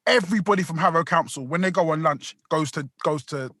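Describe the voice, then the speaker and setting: A man with a high, bright voice, rambling through a story full of slang and swearing. The sound is close and dry. It is casual podcast storytelling. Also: fairly quick, no room sound. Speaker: podcast co-host.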